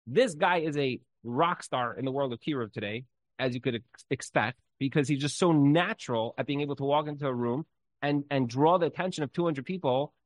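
A man's voice: mid-range voice, fairly quick, no echo, poor audio. Chatty man giving a Torah class. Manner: conversational, many "like" fillers, lively storytelling. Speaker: Torah teacher.

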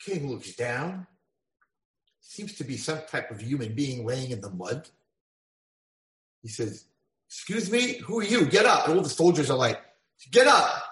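A man's voice: medium pitch, a little slow, pauses often. A man giving a storytelling Torah lecture, acting out the voices of the figures in his stories. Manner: animated, acts out voices in dialogue. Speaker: rabbi lecturer. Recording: echoey room.

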